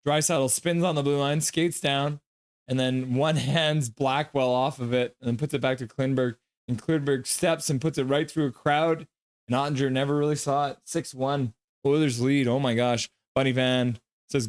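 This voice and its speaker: A man hosting a live hockey reaction stream in a casual, joking way, reading viewer messages aloud and laughing along with them. His voice sits on the higher side and comes through smooth and clear. He slips easily into quick play-by-play when the action picks up. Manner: reads chat aloud, jokes and laughs often; bursts into excited goal calls.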